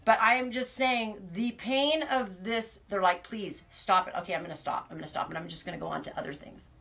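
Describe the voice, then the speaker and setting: A bright, clear-toned American woman hosts a relaxed live stream. She rambles from topic to topic, greets viewers one by one, and laughs easily. Her pitch sits in a typical middle range. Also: a little fast. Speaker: livestream host of a knitting and farm channel. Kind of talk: casual live-stream chat.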